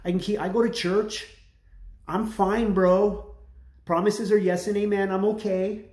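A man's voice: high-pitched, level tone, unhurried, a little mellow, reverberant, pitched above the performer's own voice. A man voicing a complacent male churchgoer who brushes off warnings in a dismissive, slangy way. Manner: dismissive, slangy, self-assured.

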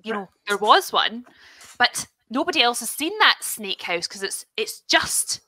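A woman's voice: a little high, sing-song, measured pace, sharp tone, poor audio. A woman improvising a comedy scene, rambling hesitantly with lots of fillers. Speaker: improv performer.

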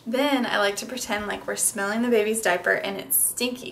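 A woman's voice: mid-range voice, fairly even intonation, brisk, gravelly, hardly any pauses, fairly bright tone. A young woman speech therapist explaining how to read picture books with toddlers, slipping into sing-song, exaggerated sounds for children. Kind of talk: instructional demonstration.

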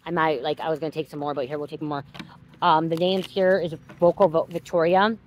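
A woman's voice: low voice, little pitch movement, a little fast, slight background noise, poor audio. Heated, emphatic woman doing a psychic reading. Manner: emphatic, repetitive, swears freely; gets worked up and heated. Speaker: psychic card reader. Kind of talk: direct-to-viewer psychic reading.

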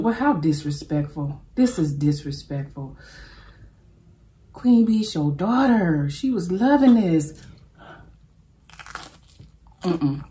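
A female food vlogger with a low-pitched voice chats casually to the camera while she eats. She's animated and full of exclamations, even chanting at a spinning wheel.

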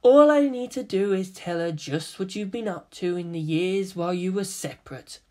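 A reader voicing a calm, menacing teenage half-angel boy who speaks in a cold, quiet, threatening way. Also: medium pitch, moderate pace, close to an everyday voice. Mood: quiet menace.

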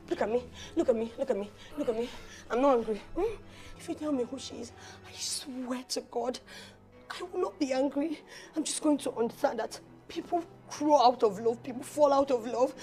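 An actress with a Nigerian accent playing a young woman about to be jilted before her wedding, pleading and breaking into sobs in a film drama. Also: sits high.

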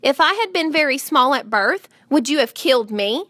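A woman voicing a tender-hearted eight-year-old farm girl who pleads in shrill, tearful bursts. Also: lively intonation, moderate pace, a bit bright, dry recording, studio quality. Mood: upset pleading.

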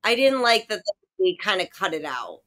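A woman's voice: medium pitch, sing-song, moderate pace, fairly bright tone. A woman co-hosting a podcast, chatting casually and giving her opinions. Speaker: podcast co-host. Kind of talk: casual chat.

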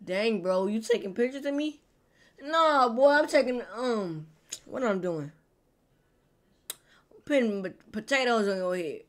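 A woman with a fairly high voice talks slowly through a reaction video. She roasts the people on screen in slangy banter and stretches out and repeats words for effect. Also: animated. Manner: drawn-out, repetitive emphasis. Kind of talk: casual reaction commentary.

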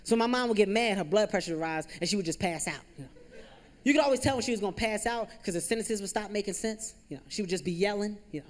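A young man doing stand-up comedy on a theater stage, animated and self-deprecating, peppering his talk with "you know.". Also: sits high, fast talker, in a large hall. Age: 20s. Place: theater stage with live audience.

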